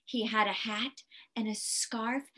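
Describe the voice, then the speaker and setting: A woman reading a picture book aloud to children, very expressive, with gasps and hushed whispery asides. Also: on the high side, slow. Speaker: storyteller.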